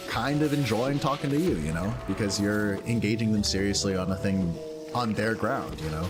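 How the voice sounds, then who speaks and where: A man streaming a game, chatting casually and rambling with lots of fillers. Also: fairly low pitch. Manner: rambling, filler-heavy, thinks aloud. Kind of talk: casual gameplay commentary. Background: game music.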